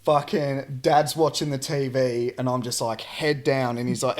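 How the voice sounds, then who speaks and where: A young man with an Australian accent hosting a casual podcast, telling stories in a relaxed way, full of "like" and swearing. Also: medium pitch, normal speed, few pauses. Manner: relaxed, laid-back storytelling with frequent "like" and swearing. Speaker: podcast host. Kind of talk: casual chat.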